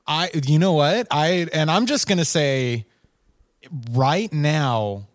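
A man's voice: a little high, lively intonation, slow pace, dry recording, clean studio sound. Enthusiastic man, casual podcast chat. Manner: enthusiastic, playful. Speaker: podcast co-host.

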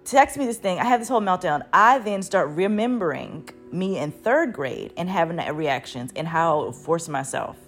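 A young woman vlogger telling a personal story in a casual, animated way, laughing often and swearing freely. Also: lowish voice, moderate pace, hardly any pauses, faint music behind.

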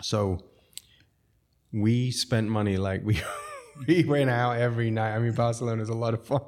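A man's voice: mid-range voice, steady tone, moderate pace, darkish tone. A man from South Africa, a restaurateur guest, telling long rambling stories with frequent chuckles. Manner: rambling, chuckles often, self-interrupting. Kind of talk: casual storytelling.

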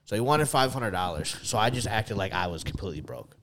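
Fast-talking lively young man. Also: fairly low pitch, a little hiss or hum. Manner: animated, swears freely, laughs mid-story. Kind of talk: casual chat, storytelling.

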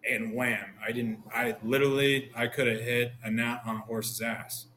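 A man's voice: mid-range voice, normal speed, crowd noise. A man in his thirties, a guest on a podcast, telling stories casually and acting out the lines of people he quotes. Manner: animated, acts out quoted dialogue. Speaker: podcast guest, former pro pitcher. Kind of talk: casual storytelling.

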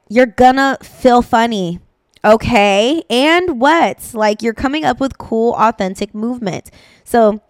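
A young woman talks casually as a dance coach hosting her podcast, chatty and animated, with lots of quick asides. Her voice sits at an ordinary pitch, and the sound is dry and close. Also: dry recording.

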